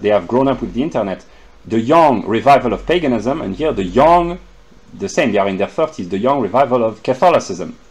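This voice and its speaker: A man giving an unscripted lecture, pausing often with fillers and restarting his sentences. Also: on the low side. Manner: halting, many fillers and restarts. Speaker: lecturer explaining a chart.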